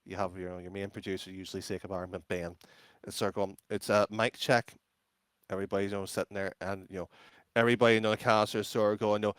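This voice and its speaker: In a casual interview, an esports caster from Ireland talks fast in a lowish, fairly bright voice without echo. A podcast guest, he's blunt and rambling, full of fillers and restarted sentences.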